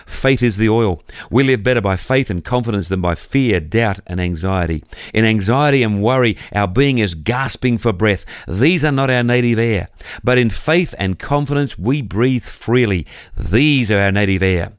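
Aussie guy doing a calm faith reflection on radio, deep voice, dry studio. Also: moderate pace, no echo. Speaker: radio presenter. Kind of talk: devotional radio talk.

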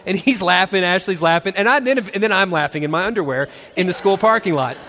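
Animated man in his forties, high voice, long reverb, storytelling talk with acted voices. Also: fast, slight background noise. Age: 40s. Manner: animated, acts out voices and laughs often. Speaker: christian speaker and husband.

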